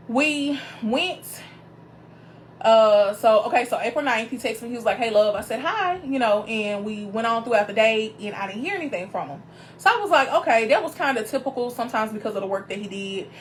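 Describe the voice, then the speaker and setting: A woman minister hosting her show, telling a personal story in a casual, animated way, calling her viewers y'all and greeting them by name as they join. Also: on the high side, normal speed, a little hiss or hum.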